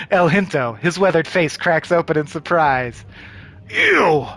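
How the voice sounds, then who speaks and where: A man's voice: fairly high pitch, a little slow, fairly bright tone. A man hosting a comedy show, playing a video game and reading its text aloud with jokey, self-mocking asides.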